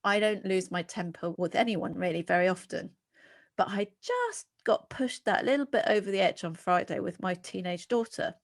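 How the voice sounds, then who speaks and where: A middle-aged British woman being interviewed as a psychologist, talking earnestly and animatedly with quick restarts. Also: medium pitch, animated, creaky. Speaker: guest psychologist. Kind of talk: podcast interview.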